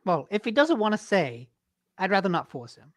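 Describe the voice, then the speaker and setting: A woman's voice: medium pitch, very animated, moderate pace, no echo. A woman co-hosting a casual gaming news podcast, making dry, wry quips. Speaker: podcast co-host.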